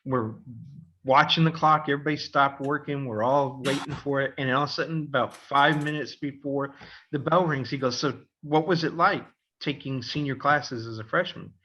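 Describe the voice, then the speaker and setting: A middle-aged man co-hosting a podcast, telling a long school story in an animated way and acting out the voices of the people in it. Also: medium pitch, moderate pace, highs cut off. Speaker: podcast co-host, father. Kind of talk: casual storytelling.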